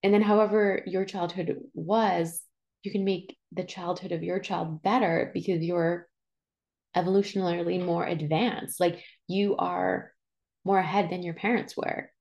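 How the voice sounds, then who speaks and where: A young woman talks straight to her listeners, casual and frank, with a gravelly fry running under her words. She breaks into playful little impressions of the complaints she describes. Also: lowish voice, fairly even intonation, a little slow, a little mellow, muffled recording. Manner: chatty, frank and playful, acting out quoted complaints. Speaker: podcast host. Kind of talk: casual monologue.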